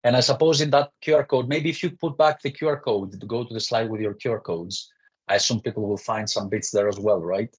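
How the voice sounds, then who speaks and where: Man, moderator, husky, low voice, polite, hesitant. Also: brisk, highs cut off. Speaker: session moderator. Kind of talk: reading audience questions.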